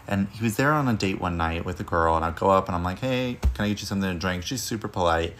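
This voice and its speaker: A man's voice: deep voice, fast, a bit bright, a little hiss or hum. A man who used to work as a restaurant server, telling a story sarcastically and with exasperation. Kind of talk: casual storytelling.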